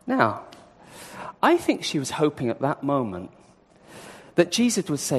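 Pastor, man, fairly high voice, animated storytelling, long church-hall reverb. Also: a little slow, husky. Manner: lively storytelling, acting out the story. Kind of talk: sermon.

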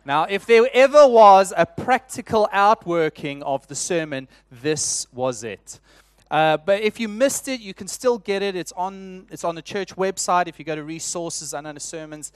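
A man's voice: high voice, animated, moderate pace, smooth, dry recording. A man in his thirties with a South African accent, a church elder giving a sermon in a friendly, humorous storytelling way with frequent restarts.

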